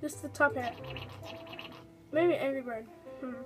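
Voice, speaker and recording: A young woman giving excitable, giggly let's-play commentary on a game, chatting to her viewers as she plays. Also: sits high, unhurried, soft background music. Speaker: gaming video host.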